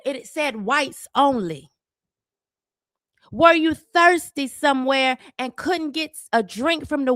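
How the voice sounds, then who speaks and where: A woman's voice: high-pitched, a bit bright, no echo, clean studio sound. An adult woman giving a sarcastic, scolding opinion monologue as a social commentator, repeating words as she gets fired up.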